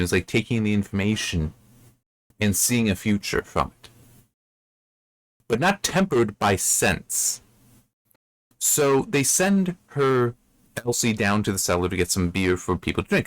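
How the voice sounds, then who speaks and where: A man's voice: lowish voice, no room sound. Guy rambling about a book he read, lots of restarts, dry close mic. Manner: rambling, with many restarts and asides. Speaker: book reviewer. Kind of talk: casual spoken book commentary.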